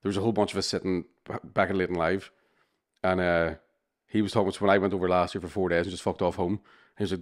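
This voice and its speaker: A man's voice: sits low, little pitch movement, fast talker. A man telling sweary, laughing stories as a podcast co-host in casual chat.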